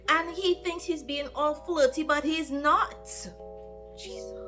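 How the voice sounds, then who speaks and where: A woman's voice: fairly high pitch, fairly bright tone. A woman chatting casually in a reading vlog, animatedly recapping a romance plot and firing off exclaimed questions. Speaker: book vlogger.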